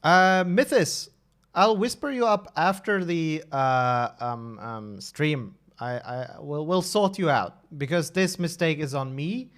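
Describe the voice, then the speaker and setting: A man's voice: on the high side, slow pace, a bit bright. A man in his thirties chatting casually on a live stream, talkative and often restarting and correcting himself. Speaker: streamer and level designer.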